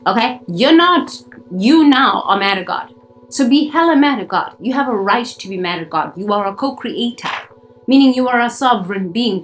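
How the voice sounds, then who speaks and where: In poor audio, a woman with a mid-range voice preaches fiercely to her phone camera out in the sun. A South African spiritual coach, she delivers a blunt self-help monologue peppered with swearing and deliberate repetition.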